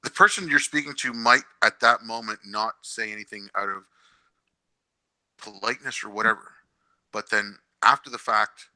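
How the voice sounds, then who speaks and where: A man's voice: on the low side, normal speed, pushed and bright, no echo, poor audio. A man co-hosting a podcast, making his points emphatically with examples. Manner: emphatic, building an argument with examples. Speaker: podcast co-host. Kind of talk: casual interview chat.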